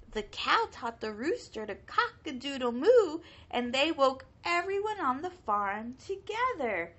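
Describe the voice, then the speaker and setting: A woman reading a children's picture book aloud in a slow, sing-song way, putting on playful animal voices. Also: high voice, fairly bright tone, dull audio. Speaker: storybook reader.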